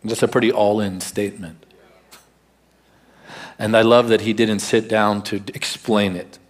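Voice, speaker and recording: A man preaching a sermon as pastor at a church service, telling the story and slowing down to stress key words. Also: on the low side, level tone.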